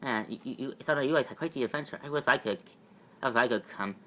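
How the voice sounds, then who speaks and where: A man voicing an excitable, panicked young mutant girl in a fan-made superhero audio drama, stammering and pleading in a raised voice. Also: fast talker, lightly acted. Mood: fond. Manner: high, breathless pleading, stammering.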